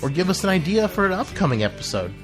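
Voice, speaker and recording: A woman hosting a casual podcast, laughing often and dropping into a lower, serious announcer tone for the show's plugs. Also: sing-song, fast, over music. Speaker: podcast host.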